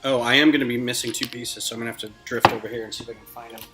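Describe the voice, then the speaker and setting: A man's voice: mid-range voice, flat delivery, rapid-fire. Casual male streamer, chatty and joking, music in the background. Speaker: livestream host building brick models. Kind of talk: casual chat while building. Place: home, indoors.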